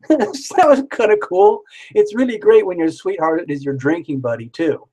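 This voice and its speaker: A man spins a personal tale in a relaxed, lively way. His voice sits a little on the high side, and he swears casually as he talks. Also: a little slow, poor audio. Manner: animated, swears casually, acts out quoted voices. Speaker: storyteller. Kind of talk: casual spoken storytelling.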